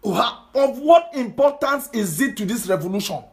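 A very high-pitched male political commentator speaks at a moderate pace with lively intonation. In a Cameroonian Pidgin English accent, he delivers a heated social media monologue, rebuking listeners with repeated rhetorical questions.

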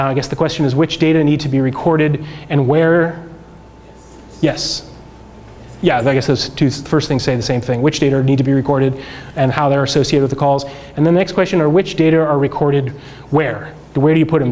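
A man teaching a workshop class, talking through slides in a relaxed, conversational way with many fillers and restarts. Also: fairly high pitch, slight background noise. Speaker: workshop instructor. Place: lecture room.

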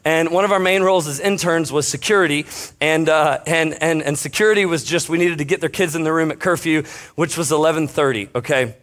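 A young male pastor speaks to his congregation with a fairly high-pitched voice. He tells a long, self-deprecating story, full of fillers and quick jokes. The delivery is loose and conversational. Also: a bit bright. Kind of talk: casual storytelling sermon. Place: church stage before a congregation.

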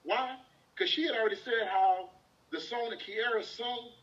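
A man's voice: extremely high pitch, normal speed, a bit bright. A man preaching a sermon, quoting scripture and asking the congregation call-and-response questions. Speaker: minister. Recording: distant dull lo-fi service recording.

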